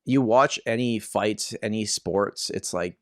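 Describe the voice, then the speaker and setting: A man's voice: on the low side, slow pace, no room sound. A man in his thirties from Canada hosting a casual podcast chat, telling stories with lots of fillers and restarts. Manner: chatty storyteller with frequent fillers and restarts. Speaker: podcast host and real estate agent.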